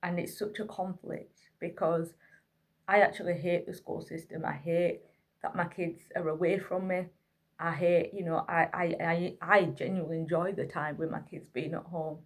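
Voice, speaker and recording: A woman's voice: lowish voice, steady tone, moderate pace. A woman, a single mother, candidly and wearily telling a hard night with her autistic son to camera, worn out and near tears. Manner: candid, weary, tearful retelling. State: exhausted. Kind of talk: emotional personal vlog, talking to camera.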